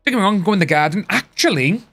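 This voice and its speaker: A man's voice: sits high, lively intonation, quick pace, fairly bright tone. A man chatting casually on a live stream, rambling and replying to his chat. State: hiccups. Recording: faint music behind.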